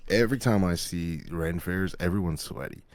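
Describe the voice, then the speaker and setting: A man co-hosting a podcast, rambling in relaxed slangy chat with mild swearing. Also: deep voice, moderate pace. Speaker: podcast co-host. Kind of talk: casual chat.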